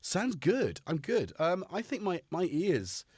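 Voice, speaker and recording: A man's voice: high-pitched, wildly swooping pitch, slow pace, a little mellow, slightly rough, no room sound. A British man hosting a casual live stream from his home studio, chatty and jokey as he greets viewers by name. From United Kingdom. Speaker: host. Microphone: headphones on, studio mic.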